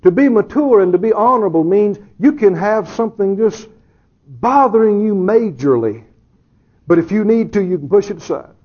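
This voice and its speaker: A man's voice: high voice, darkish tone, husky, highs cut off. A man preaching a sermon who jokes with the congregation, chuckles often, and asks rhetorical questions.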